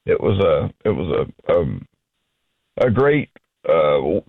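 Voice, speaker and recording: A man who is a regular financial advisor on a radio call-in show, explaining annuities in an affable, steady way with many fillers. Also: low voice, slow pace, creaky, husky, phone-quality sound.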